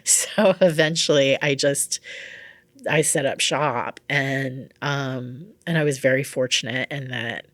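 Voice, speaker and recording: A woman's voice: a bass voice, slow pace, dry recording. A middle-aged woman from Hawaii, a psychic and spiritual teacher, telling stories in a casual interview and acting out quoted voices. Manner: animated storyteller, acts out quoted voices, laughs often.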